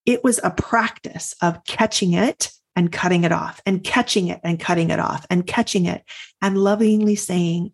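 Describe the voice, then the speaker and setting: A middle-aged woman hosting a podcast, telling an earnest personal story in a reflective, confessional way and slowing down to stress her points. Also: on the low side, gravelly. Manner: earnest, confessional, slows for emphasis. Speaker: podcast host and coach.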